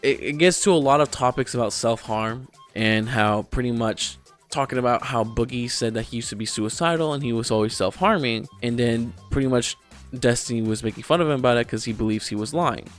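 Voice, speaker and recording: A man's voice: mid-range voice, a little fast, faint music behind. A man giving angry, mocking drama commentary, swearing constantly as he rants. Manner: profane, mocking, ranting. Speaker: commentary youtuber.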